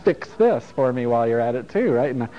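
A man's voice: medium pitch, very animated, brisk. Frank, chuckling man teaching a workshop. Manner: frank and playful, swears and chuckles often. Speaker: self-help workshop teacher. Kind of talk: casual workshop talk to a group. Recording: dull lo-fi recording with faint music.

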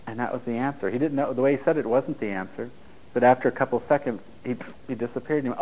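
On a low-quality recording, a middle-aged man speaks quickly in a mid-pitched, everyday voice to a room of live listeners. His informal spiritual talk rambles, full of jokes and laughter at his own lines, as he drifts from stories to points like a relaxed spiritual teacher.

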